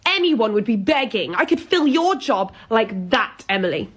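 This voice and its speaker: A woman's voice: fairly high pitch, very animated, normal speed, husky, voice pushed up. A woman putting on a pompous pub manager. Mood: haughty. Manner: haughty, scolding, entitled. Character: pompous, self-important female pub manager.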